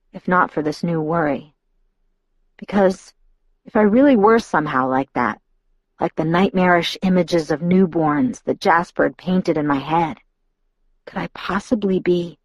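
A woman narrating a novel in the first person, speaking in a reflective, inward way. Her voice sits at an ordinary middle pitch. The recording is dry and close, with no room sound. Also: dry recording. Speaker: audiobook narrator.

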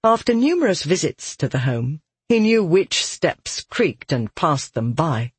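A narrator reading a fantasy audiobook in a steady, measured way. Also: medium pitch, husky, dry recording.

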